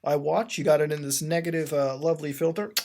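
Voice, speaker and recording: A man hosting a casual web-browsing commentary. He rambles and sounds exasperated, fills his talk with "like" and restarts, and addresses his audience as ladies and gentlemen. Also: fairly high pitch, fast talker, a little hiss or hum. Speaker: host.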